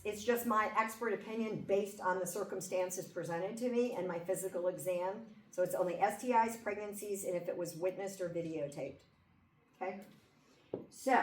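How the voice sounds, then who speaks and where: A woman giving a classroom lecture in a conversational way, often checking in with her listeners by asking 'okay?' and 'right?'. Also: mid-range voice. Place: lecture room. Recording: echoey room, mic far off, faint background hum.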